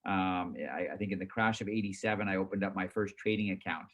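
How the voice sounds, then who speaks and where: A middle-aged man, chairman and CEO of a company, casually telling the story of his career in an interview, animated and self-mocking, acting out his own past reactions. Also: sits low, fast talker.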